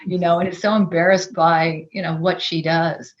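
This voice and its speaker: A woman's voice: lowish voice, steady tone, moderate pace, few pauses, dull audio. A woman author talking as a podcast guest, earnest and reflective, often restarting her sentences. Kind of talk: podcast interview conversation.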